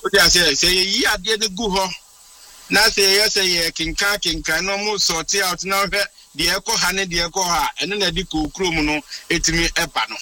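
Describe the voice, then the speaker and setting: An animated man spinning a long story as a radio guest. His voice sits high and very bright, and he sounds set back from the microphone. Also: moderate pace, far from the mic, low-quality recording. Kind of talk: casual storytelling.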